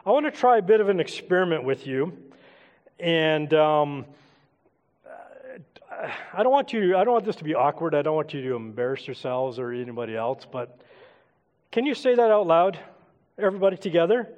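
Middle-aged pastor guy, pretty high voice, chatty sermon getting folks to join in, big echoey church hall. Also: very animated, normal speed, pauses often, muffled recording. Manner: conversational, coaxing the congregation to take part. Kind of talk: interactive sermon. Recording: long hall reverb.

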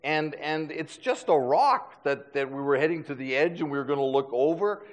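A man's voice: fairly high pitch, lively intonation, normal speed, long reverb tail. A middle-aged man preaching a sermon, telling stories with self-deprecating humor and frequent stammered restarts. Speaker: pastor.

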